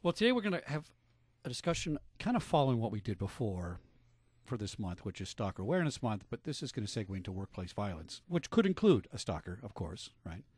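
A man's voice: fairly low pitch, big pitch swings, quick pace, darkish tone, husky, dry recording. A man hosting a radio talk show, chatting casually and joking, with many fillers.

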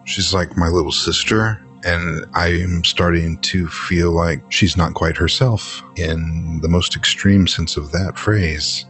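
A man playing a character in a tabletop game, speaking tersely and deliberately. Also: low-pitched, fairly even intonation, a bit bright, soft background music. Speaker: player.

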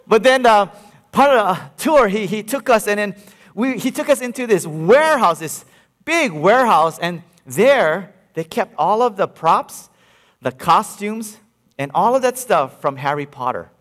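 Animated high-voiced pastor with Hawaiian lilt. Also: male voice, measured pace. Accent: Hawaiian Pidgin-tinged English. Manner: storytelling, playful and animated, with many fillers. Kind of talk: sermon. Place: large church hall. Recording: reverberant church hall.

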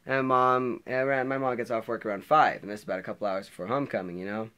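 A man's voice: medium pitch, fast talker, bright, forceful tone, clean tone. A teenage boy telling a storytime vlog, rambling with lots of hedges and self-corrections. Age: teens. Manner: rambling, many fillers and restarts. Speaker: vlogger. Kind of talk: storytime monologue.

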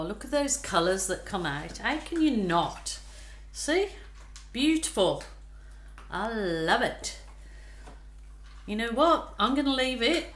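A woman painter from Australia, gushing with exclamations as she chats casually to her viewers while painting. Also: on the high side. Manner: gushing, exclamatory, drawn-out delight. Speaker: fluid art painter. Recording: echoey room.

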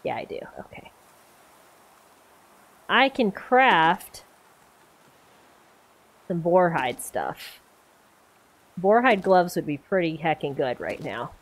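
A woman's voice: lowish voice, big pitch swings, slow, pauses often. A woman streamer giving casual, chatty let's-play commentary, talking to herself as she plays. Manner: chatty, talks to herself while playing. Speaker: gaming streamer.

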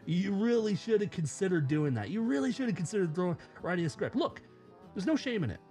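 A man's voice: high-pitched, animated, fast talker, a little mellow, soft background music. A man reading a scripted commentary in a sarcastic, mocking, profane way. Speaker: YouTube commentator.

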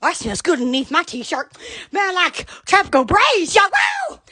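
A woman hosting a rambling live stream, giddy and laughing constantly, breaking into sudden shouts and squeals. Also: very high-pitched, lively intonation, moderate pace.

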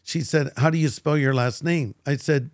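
A man's voice: on the high side, normal speed, no room sound, clean studio sound. An older man, a guest pastor, telling a personal story in an interview and acting out the voices of the people in it. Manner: animated storyteller who acts out quoted voices.

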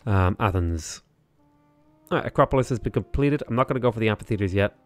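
A man's voice: on the low side, expressive, fast talker, dry recording. A man with an Irish accent, chatting loosely while streaming a strategy game and reading viewer comments, full of "like" fillers and restarts. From Ireland. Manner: rambling, many "like" fillers and restarts. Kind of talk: casual livestream commentary.

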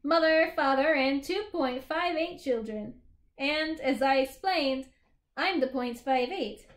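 Precise, cheerful storybook boy, high-pitched and explaining, read by a woman. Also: takes it slowly, reverberant. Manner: matter-of-fact, explaining. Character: precise, cheerful little boy who is half a child.

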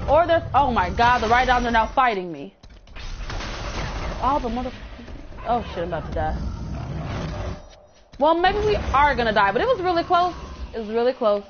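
A woman's voice: fairly high pitch, very animated, moderate pace, long pauses. A young woman streaming a game live, chatting with viewers, swearing and shrieking whenever she is in danger. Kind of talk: live gameplay commentary. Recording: dull lo-fi mic with audible noise.

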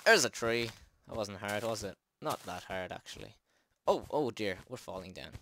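A man's voice: fairly low pitch, animated, normal speed, sharp tone, slight background noise. A man hosting a let's play, chatting and joking at himself with jumpy exclamations. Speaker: gaming channel host. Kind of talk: let's play game commentary.

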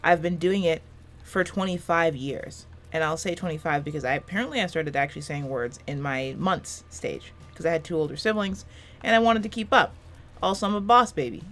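A woman's voice: low voice, fairly quick, fairly bright tone. A woman in her twenties doing casual let's-play commentary from a small room, rambling and self-deprecating, swearing often. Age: 20s. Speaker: gaming YouTuber. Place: small room with a fan running.

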